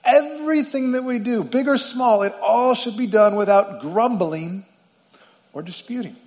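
High-voiced man preaching in a hall. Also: measured pace, darkish tone. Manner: explains word meanings, repeats phrases for emphasis. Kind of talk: sermon. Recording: dull lo-fi sound with long reverb in a hall.

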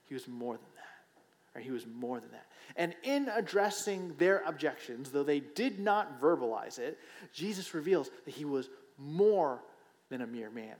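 A man's voice: a little high, big pitch swings, measured pace, a little mellow. Conversational preacher man in a reverberant hall. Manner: conversational, checks in with frequent rhetorical "right?"; repeats phrases for emphasis. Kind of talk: sermon.

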